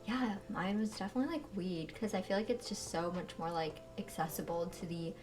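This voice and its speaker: Young woman podcast co-host, chatty animated storyteller who swears freely. Sounds a little distant from the mic. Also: lowish voice, a little fast, soft background music. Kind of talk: casual chat.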